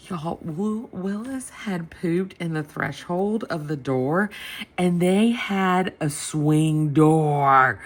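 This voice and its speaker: A woman's voice: low voice, slow pace. A woman vlogger chatting at her home desk, animatedly retelling an embarrassing story and acting out the people in it. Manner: chatty, animated retelling with quoted voices and laughter. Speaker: planner vlogger. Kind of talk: casual storytelling while planning. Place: home desk with dogs nearby.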